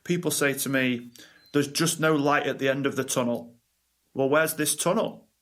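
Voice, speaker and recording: A man speaking as a life coach guest on a podcast interview, telling stories in a lively, direct way. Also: medium pitch. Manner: animated storytelling, quick asides and laughs.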